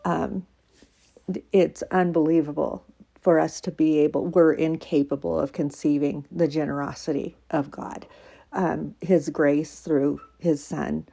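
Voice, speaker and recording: A woman with a low, gravelly voice talks earnestly about her faith, teary and heartfelt. Her tone is mellow and a bit husky, and she speaks casually with many fillers. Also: fairly even intonation, unhurried. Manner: earnest, emotional, laughs often, many fillers. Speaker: faith podcaster. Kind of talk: casual devotional talk.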